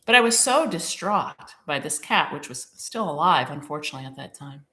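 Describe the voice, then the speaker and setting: A woman hosting a podcast, telling a personal story in an emotional, animated way and quoting the people in it. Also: low voice, normal speed, roomy sound. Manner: emotional, animated retelling with quoted dialogue. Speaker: podcast host.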